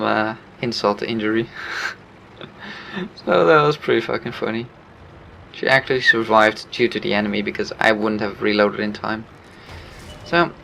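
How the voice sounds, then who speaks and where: Gravelly male game commentator. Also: mid-range voice, slight background noise. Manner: relaxed, laughs often, explains his moves. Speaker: gameplay commentator. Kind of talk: casual gameplay commentary.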